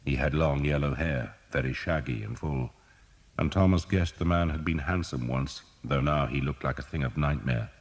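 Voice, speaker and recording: Very deep-voiced male audiobook narrator. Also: moderate pace, big-room sound. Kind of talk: scripted narration.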